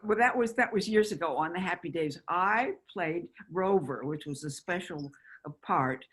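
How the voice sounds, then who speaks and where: A woman in her nineties, an actress reminiscing in a chatty, halting way over a video call. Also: on the low side, slightly rough. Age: 90s. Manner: chatty, halting with restarts and laughter. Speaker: actress guest. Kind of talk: casual interview reminiscing.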